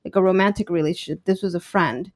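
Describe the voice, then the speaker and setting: A woman's voice: fairly low pitch, quick pace, no echo, studio quality. A woman co-hosting a podcast in casual chat. She tells personal stories in an earnest, open way. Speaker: podcast co-host.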